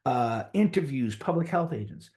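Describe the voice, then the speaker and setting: A middle-aged man with a New York accent, a physician guest on a conversational interview, telling stories with lively pitch swings. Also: normal speed. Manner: animated storyteller, voices quotes with big pitch jumps.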